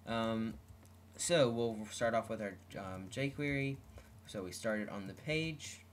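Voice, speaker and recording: A man's voice: on the low side, slow, a little hiss or hum. A man giving an unscripted coding tutorial who talks through each step with frequent ums and self-corrections. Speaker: web development tutorial host. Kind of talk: screen-recorded coding tutorial.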